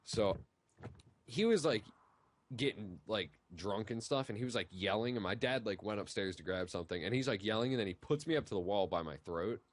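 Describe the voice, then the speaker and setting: A young man on a voice call, casually telling long stories in a rambling way, filling every pause with "like". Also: on the low side, expressive. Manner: rambling, heavy use of "like". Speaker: guest on group call. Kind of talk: casual storytelling.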